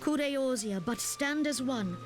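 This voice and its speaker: Stately female leader, measured and formal, over soft game music. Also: high voice. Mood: earnest. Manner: measured, archaic formal speech. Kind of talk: game cutscene voice acting.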